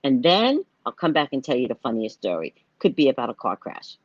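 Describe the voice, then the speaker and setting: A woman's voice: very deep voice, sing-song, a little fast, muffled recording. An older woman talking casually to her viewers as host of a live show, telling stories and acting out the voices of people she quotes.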